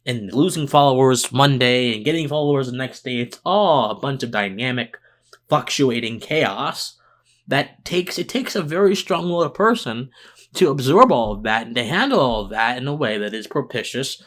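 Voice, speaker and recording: A man hosting a political podcast, delivering an unscripted commentary monologue. He sounds mentally tired and slower than usual, yet earnest and impassioned, with frequent restarts. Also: medium pitch, lively intonation, fairly bright tone.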